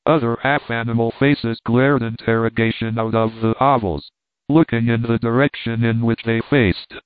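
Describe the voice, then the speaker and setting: A man reading an adventure novel aloud as a measured storybook narration. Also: mid-range voice, clear, resonant tone, dry recording. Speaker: audiobook reader. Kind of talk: scripted narration. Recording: dry, tinny phone-like sound.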